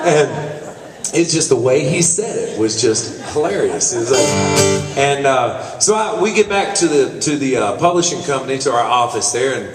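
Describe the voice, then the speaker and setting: A singer-songwriter telling an easygoing, rambling story on stage between songs. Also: male voice, medium pitch, expressive, moderate pace, over loud music, a loud crowd. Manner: easygoing, rambling, with fillers and restarts. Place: college concert hall. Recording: echoey hall, mic far off.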